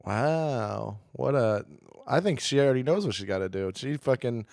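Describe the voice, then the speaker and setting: Dude cohosting a comedy podcast, swears a lot, rambles, dry sound. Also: male voice, medium pitch, expressive, moderate pace, creaky, a little mellow, no room sound. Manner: crude, joking, rambling. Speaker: podcast co-host. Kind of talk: casual comedy podcast chat.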